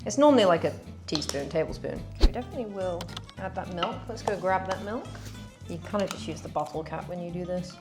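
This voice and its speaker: A woman's voice: on the low side, animated, fast, music in the background. A woman chatting casually to viewers as she bakes in a cooking vlog. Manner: chatty, talks to viewers while working. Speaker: cooking vlogger.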